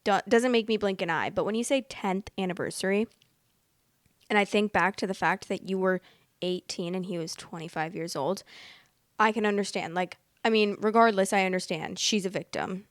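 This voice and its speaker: A woman hosts a podcast, reading an online story aloud before breaking off to react to it in her own words. Her voice sits at an ordinary middle pitch, and the sound is dry and close. Her reactions are expressive, full of fillers and restarts as she thinks out loud. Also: normal speed, no echo. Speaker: podcast host.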